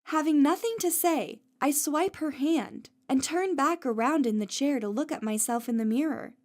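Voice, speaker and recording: A woman's voice: sits high, moderate pace, darkish tone. A woman narrating a first-person audiobook story in a light storytelling manner.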